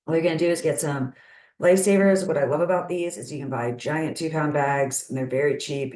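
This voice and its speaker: A woman with a low, deep voice leads an online parenting workshop. She talks calmly and guides each step of a sensory grounding exercise. Her computer mic picks up a roomy echo. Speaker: community health presenter.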